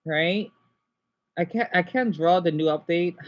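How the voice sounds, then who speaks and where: A man's voice: sits high, measured pace, dull audio. Rambling young man vlogging. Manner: rambling, self-interrupting, animated complaints. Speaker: gaming vlogger. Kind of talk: casual commentary while drawing a chart.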